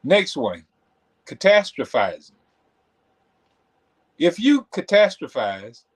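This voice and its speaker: A man hosting a livestream, talking in an animated, conversational way with many asides. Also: fairly high pitch. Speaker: host. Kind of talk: motivational talk on a livestream.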